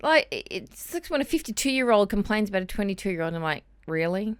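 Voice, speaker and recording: A woman's voice: medium pitch, big pitch swings, fast talker, clear, resonant tone, no room sound, clean studio sound. A woman from Australia in her forties or older, a blunt, straight-shooting interview guest who acts out workplace exchanges. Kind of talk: interview chat.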